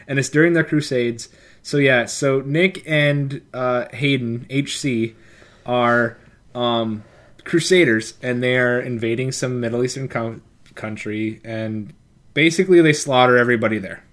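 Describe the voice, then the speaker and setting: A man's voice: mid-range voice, fairly bright tone. A man co-hosting a podcast, joking wryly about a movie with a friend. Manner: wry, sarcastic humor. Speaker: podcast co-host. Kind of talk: casual movie review chat.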